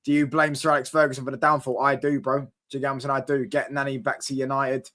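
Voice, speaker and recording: A young man hosting a casual football live stream, talking in an animated way to his chat, full of fan slang and repeated "do you get what I'm saying". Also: mid-range voice, quick pace.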